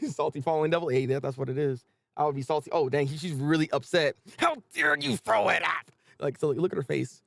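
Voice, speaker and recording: A man streaming a live manga reaction, joking and animated, tripping over repeated words when excited. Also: fairly high pitch, quick pace, creaky, no echo.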